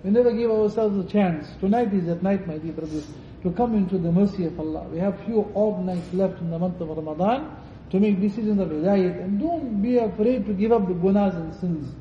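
A man preaching fast in a high voice, fervent and pleading as he repeats his invocations. He sounds far from the mic in an echoey mosque, on a dull lo-fi recording with faint noise behind him. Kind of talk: Ramadan night sermon and supplication.

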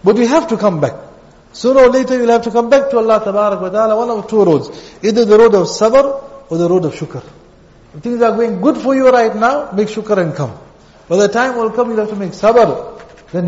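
High-voiced preacher in an echoey hall. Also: male voice, fairly quick, darkish tone, dull audio. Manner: storytelling with repeated phrases and acted quotes. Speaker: Islamic preacher. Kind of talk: sermon.

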